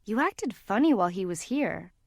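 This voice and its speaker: A woman's voice: mid-range voice, very animated, normal speed, creaky, a little mellow, dry recording, clean studio sound. A woman narrator voicing an upset teenage girl who speaks in an earnest, pleading way.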